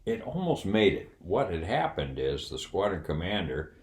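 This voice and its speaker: An older man with a very low, deep voice spins a wry, candid yarn from his service days, loose and conversational, with plenty of "uh"s. The sound carries a noticeable roomy echo. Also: very animated, moderate pace. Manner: wry, candid, with frequent fillers and chuckles. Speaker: retired Air Force officer telling a story. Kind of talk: casual anecdote storytelling.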